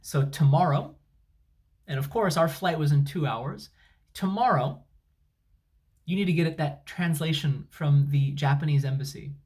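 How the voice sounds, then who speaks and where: A man's voice: on the high side, unhurried, pauses often, darkish tone. Exasperated man ranting about a trip. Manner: exasperated, emphatic, sarcastic. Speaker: travel vlogger. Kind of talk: angry storytime rant. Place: at home, indoors. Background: dryer and washing machine running.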